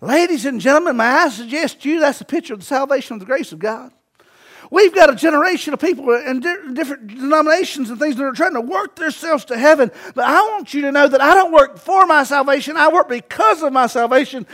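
A pastor in his forties with a strikingly high voice, preaching with emphasis. He builds his lines into shouts and drives each point home. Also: expressive, fast talker. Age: 40s. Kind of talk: sermon.

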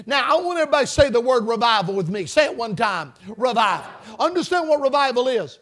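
A man's voice: very high-pitched, sing-song, fast, fairly bright tone. A male preacher giving a revival sermon, with rhythmic, emphatic phrasing and call-and-response lines to the congregation.

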